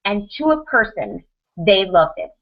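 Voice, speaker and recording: A woman in her thirties tells a story to a podcast panel, rushing through animated bursts and stumbling over restarts. Her voice sits at an ordinary middle pitch, and the recording sounds dull and lo-fi. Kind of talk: casual storytelling chat.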